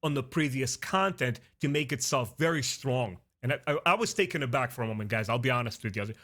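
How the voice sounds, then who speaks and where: A man reviewing a TV series in a casual, earnest way, talking straight to his viewers and often pausing with "uh" and restarting. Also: medium pitch. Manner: earnest and expressive, talks straight to viewers as "guys"; frequent "uh" fillers and restarts. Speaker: film and TV reviewer. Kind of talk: casual spoken review to camera.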